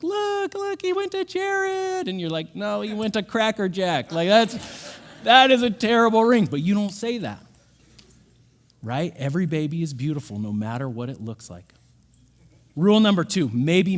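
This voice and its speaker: Animated high-voiced male pastor. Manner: animated storytelling with quoted voices. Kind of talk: humorous sermon.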